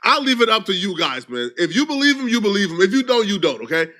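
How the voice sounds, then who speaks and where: Bright-voiced guy hosting gossip talk, wry, bit high. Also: big pitch swings, fast. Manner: wry, reads out quotes, asks "okay?". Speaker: host. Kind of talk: casual commentary.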